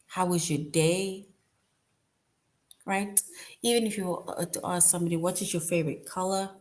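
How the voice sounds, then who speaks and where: A woman's voice: low-pitched, gravelly. A woman teaching a grammar lesson to young children, patient and repetitive, often checking in with "right?". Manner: patient, repeats points, frequent "right?" checks.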